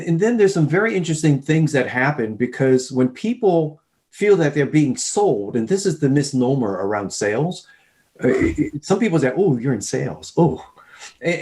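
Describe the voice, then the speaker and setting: Podcast guest, man, mid-range voice, acts out dialogue while telling stories. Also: mid-range voice. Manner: animated storyteller, acts out both sides of dialogues. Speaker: podcast guest, sales leader. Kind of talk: storytelling in a podcast interview.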